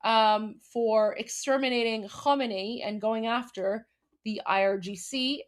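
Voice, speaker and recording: A woman's voice: fairly high pitch, a bit bright. Emphatic woman hosting a live stream. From Iran. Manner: emphatic, repetitive, many fillers and restarts. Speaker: host.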